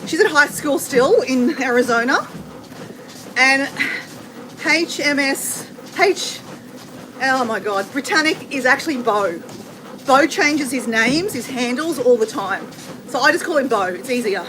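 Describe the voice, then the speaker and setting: A woman's voice: sits high, animated, a little slow, long pauses. A middle-aged Australian woman hosting a casual livestream while walking on a treadmill, chatting with viewers and answering their comments. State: walking on a treadmill, slightly effortful. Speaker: livestream host. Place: home with renovation banging. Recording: noisy background with banging.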